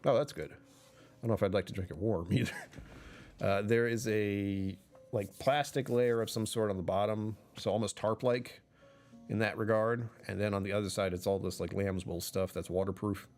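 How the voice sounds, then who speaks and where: A man's voice: on the low side, steady tone, normal speed, a little mellow, faint music behind. A man chatting casually on a livestream, rambling and correcting himself, often laughing mid-sentence.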